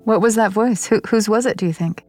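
A woman host narrating a radio story and asking interview questions in a measured, composed way. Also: mid-range voice, darkish tone, soft background music.

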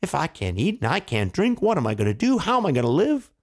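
Man voicing a wailing fairy-tale king, lively up-and-down pitch, gravelly edge, storybook. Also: fast, exaggerated voice. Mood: anguished. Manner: yelps and wails in pain. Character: greedy king, whiny and panicky.

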